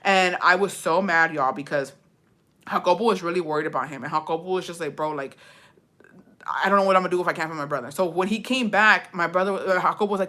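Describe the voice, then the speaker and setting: A woman's voice: lowish voice, a little fast. A young woman telling a story in a casual vlog, swearing freely and acting out the voices of the people in it. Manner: profane, animated storytelling, drifts into Spanish words.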